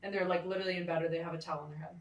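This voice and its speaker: A woman's voice: on the low side, steady tone, racing, distant mic, muffled recording. A young woman in a casual chat, loosely explaining a game with fillers and emphasis. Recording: roomy, away from the mic.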